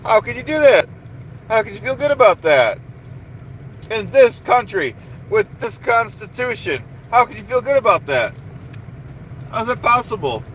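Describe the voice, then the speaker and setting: A man's voice: high voice, sing-song, normal speed, pauses often, a bit bright, a little hiss or hum, low-quality recording. A man ranting on a live stream, boastful and indignant, repeating himself over and over.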